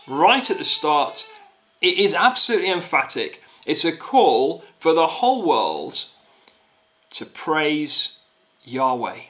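High-voiced emphatic male preacher. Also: pushed and bright, low-quality recording. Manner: conversational with frequent restarts and fillers; emphatic, repeating key phrases. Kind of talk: sermon.

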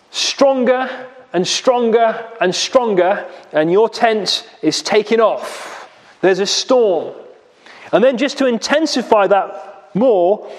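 In a large hall, a man with a high voice preaches a sermon in church. He explains a passage using rhetorical questions and vivid retelling.

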